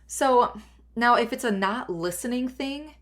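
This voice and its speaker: A woman's voice: on the high side, a little slow, a bit bright. A young adult woman hosting a solo podcast, talking earnestly in a rambling way with many fillers and restarts. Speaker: podcast host.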